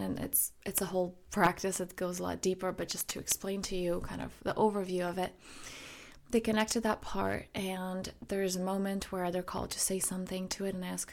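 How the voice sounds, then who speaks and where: A woman in her thirties hosting her own podcast, talking reflectively and softly, often dropping close to a whisper. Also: fairly low pitch, level tone, brisk, gravelly. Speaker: podcast host and coach. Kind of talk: reflective solo podcast talk.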